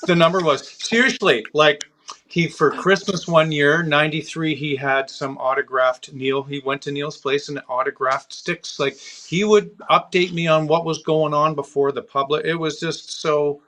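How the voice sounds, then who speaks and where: A man's voice: fairly high pitch, fairly even intonation, normal speed, bright, forceful tone, a little hiss or hum. A man, a drummer and author, chatting as a guest and reminiscing in a rambling, enthusiastic way. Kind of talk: casual chat.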